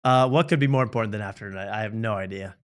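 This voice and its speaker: A man's voice: on the low side, racing, clear, resonant tone. A man hosting a comedy talk show, riffing casually and joking about online videos. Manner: joking, mock voices, laughs often. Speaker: comedy podcast host.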